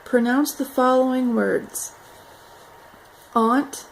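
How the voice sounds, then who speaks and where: A young woman talks slowly and loosely, filling gaps with "like" and "um". Her voice is a little high but dark and mellow, with a gravelly fry at the ends of phrases. A faint hiss sits under the home recording. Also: poor audio. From North Carolina. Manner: relaxed, rambling, says "like" and "um" often. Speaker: vlogger. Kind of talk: casual accent challenge vlog.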